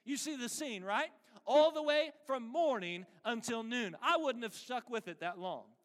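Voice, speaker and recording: A man preaching a sermon as pastor, emphatic and animated with dry humor. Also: very high voice, a little slow. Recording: long reverb of a large hall.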